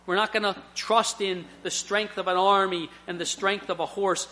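A middle-aged male preacher delivers a sermon in a high, bright, forceful voice. He weaves in personal stories with earnest honesty. His delivery rises into emphatic swells. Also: steady tone, normal speed, few pauses.

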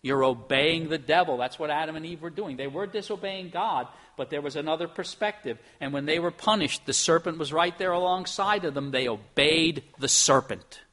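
Middle-aged pastor, bright forceful tone, higher-pitched, emphatic sermon delivery. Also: male voice, fairly quick, few pauses. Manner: earnest, emphatic preaching with shifts from soft to loud.

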